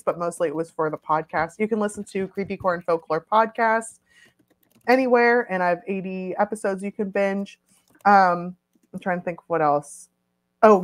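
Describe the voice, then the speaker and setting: A young woman tells a long, rambling story as a guest on a casual live stream. She laughs often as she talks, trailing off and circling back to her point. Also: medium pitch. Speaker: guest, podcaster and author.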